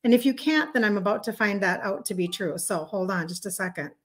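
A Minnesota health coach in her fifties, with a Minnesotan accent, hosts a chatty live stream, greeting viewers and answering comments as they come in. She speaks briskly in a mid-range voice.

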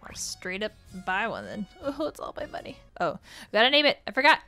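A woman hosting a casual let's-play, chatty and excitable, gasping and reacting aloud as she plays. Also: mid-range voice, a little fast, soft background music. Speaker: gaming channel host.

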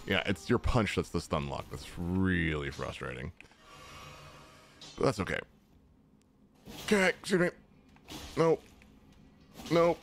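A man's voice: deep voice, huge pitch swings, a little slow, creaky, long pauses, soft background music. A young man casually commentating his own gameplay, chatty and jokey, talking to the enemies on screen. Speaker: gaming channel host. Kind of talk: casual let's-play commentary.

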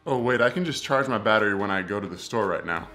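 With a lowish, expressive voice that sounds pushed and bright, a man in his twenties talks at a quick pace in a casual vlog chat to camera. He's jokey and playfully overdramatic, with faint music behind him.

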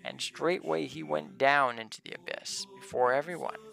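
Gravelly man reading a saint's life. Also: a little high, sharp tone, soft background music. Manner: measured, reverent archaic reading. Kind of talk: solemn scripted reading of a hagiography.

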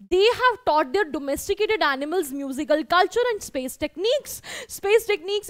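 A woman's voice: very high-pitched, a bit bright. A woman teacher, explaining a story in an online class with lots of "you know" fillers. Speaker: English teacher.

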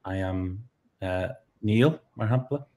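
An Irish man with a somewhat low voice teaches language points in an easygoing two-person lesson. He thinks aloud, stopping and restarting his sentences with plenty of ums. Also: takes it slowly, darkish tone. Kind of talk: explaining grammar in a relaxed two-person lesson.

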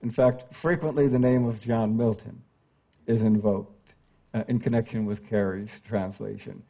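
An older man lecturing in a scholarly, unhurried way and often pausing on "uh" between phrases. His voice has a dark, mellow tone. The sound is slightly dull and lo-fi. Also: on the low side, steady tone, vocal fry. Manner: scholarly, with frequent "uh" fillers, reads quoted verse aloud. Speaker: translator giving a talk.

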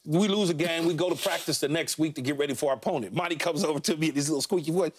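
Animated middle-aged man telling sports stories. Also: a little high, racing, hardly any pauses, slightly rough. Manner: animated storyteller, punchy fragments and repeats. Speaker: sports talk show co-host, former NFL receiver. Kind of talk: casual sports talk storytelling.

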